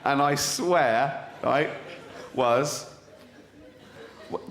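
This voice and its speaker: A man's voice: medium pitch, extremely slow. A middle-aged man doing a stand-up routine on a theatre stage, mocking and swearing in disbelief. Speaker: stand-up comedian. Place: stage in a theatre with audience laughter. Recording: echoey live theatre with audience noise.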